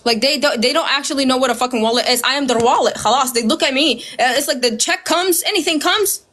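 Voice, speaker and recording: A woman ranting straight to camera, loud and heated, swearing constantly and mimicking her critics with sarcasm. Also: high-pitched, quick pace. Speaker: social media creator. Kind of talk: ranting direct-to-camera video.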